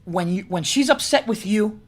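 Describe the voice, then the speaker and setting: A man's voice: high voice, lively intonation, moderate pace. A man in his thirties hosting a podcast in casual comedic chat, rambling and restarting his sentences. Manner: rambling, restarts often, with many "like" fillers. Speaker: podcast host.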